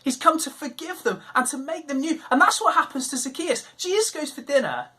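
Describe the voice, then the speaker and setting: A woman's voice: high-pitched, fairly quick. A woman leading an online children's Bible talk for a church, telling the story with energy and acting out the voices in it. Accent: British. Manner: animated storytelling, acts out quoted voices.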